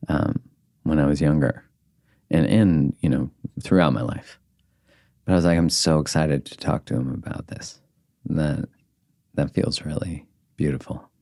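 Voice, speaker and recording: A man's voice: extremely low pitch, darkish tone, no room sound, studio quality. A man hosting a podcast, talking candidly and reflectively in casual conversation, swearing now and then. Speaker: podcast host.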